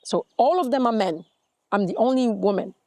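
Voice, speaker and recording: A woman's voice: a little high, normal speed, dark tone, no echo. A middle-aged woman, a guest in an interview, telling her story with animation and acting out the voices in it. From Congo.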